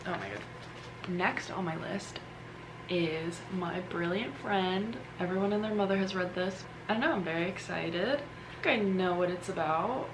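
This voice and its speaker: A woman's voice: lowish voice, unhurried. Chatty young woman, noisy home recording. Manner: chatty, self-deprecating, drifts off mid-sentence. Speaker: vlogger. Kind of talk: casual chatty vlog.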